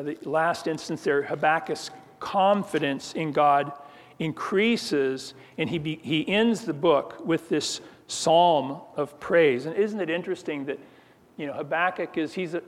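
A man's voice: fairly high pitch, unhurried. A man preaching a sermon in a conversational way, often restarting phrases and putting questions to the room. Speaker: pastor. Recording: long hall reverb.

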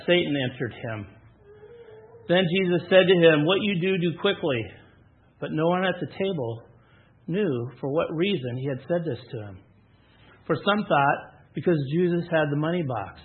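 A man preaching a sermon, reading scripture aloud and adding casual comments between the passages. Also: fairly high pitch. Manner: reads scripture then comments in a casual aside. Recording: tinny phone-like sound.

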